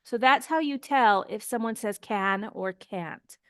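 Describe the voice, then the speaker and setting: A woman's voice: on the high side, unhurried, fairly bright tone, smooth, dry recording, clean studio sound. A woman teaching an English grammar lesson, explaining patiently and repeating example phrases to model pronunciation.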